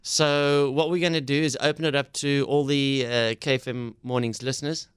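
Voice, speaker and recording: A male morning radio host with a smooth, resonant voice pitched a little high. He announces in an upbeat way, and the studio sound is dry. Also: flat delivery, moderate pace, fairly bright tone, no echo. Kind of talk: breakfast radio chat.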